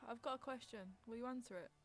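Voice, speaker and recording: Giggly rambling young woman streamer. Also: fairly high pitch. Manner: rambling, giggly, reads out chat messages. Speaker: podcast host and streamer. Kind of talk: casual chat.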